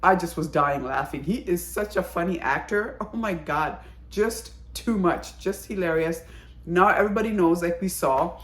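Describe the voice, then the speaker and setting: A woman giving a casual, chatty video review of a drama, talking in an animated, exclaiming way. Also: fairly low pitch, normal speed, echoey room.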